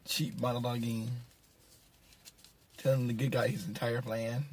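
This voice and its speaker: A man's voice: medium pitch, little pitch movement, unhurried, a little mellow, husky. A man giving a casual, rambling film review, sarcastic and mocking, chuckling at his own jokes. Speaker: movie reviewer.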